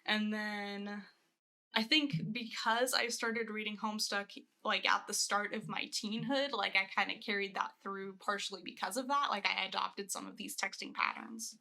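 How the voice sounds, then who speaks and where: A woman co-hosting a casual webcomic read-along, relaxed and rambling with lots of fillers. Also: mid-range voice, moderate pace, vocal fry. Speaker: co-host. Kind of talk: casual chat, reading a webcomic aloud.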